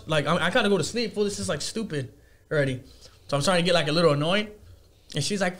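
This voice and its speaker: A man's voice: high-pitched, fast. A man telling a crude story in casual chat, swearing constantly and acting out what people said. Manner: profane, animated, acts out quotes. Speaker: podcast guest.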